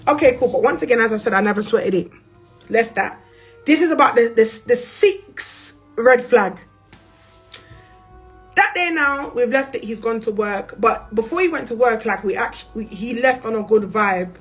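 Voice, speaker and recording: Soft music plays behind a young woman from England whose pitch sits fairly high and whose pace is moderate. With a London accent, the livestreaming influencer spins a tale in crude, slangy, no-nonsense terms, lively and laughing in bursts.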